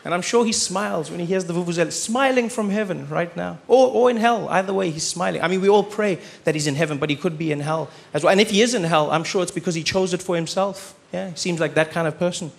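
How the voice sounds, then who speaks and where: South African male comic, dry ironic stand-up delivery, voice sits a touch high. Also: fast talker, gravelly, few pauses. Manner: deadpan, ironic, with playful asides. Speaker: stand-up comedian. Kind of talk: stand-up comedy. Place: large theatre stage.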